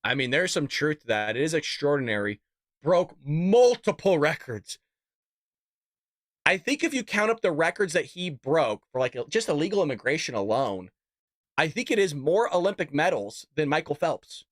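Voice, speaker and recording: A man's voice: fairly high pitch, big pitch swings, fairly quick, fairly bright tone, no room sound, clean studio sound. A man hosting a casual political commentary show, talking in a mocking, sarcastic way and calling his listeners folks.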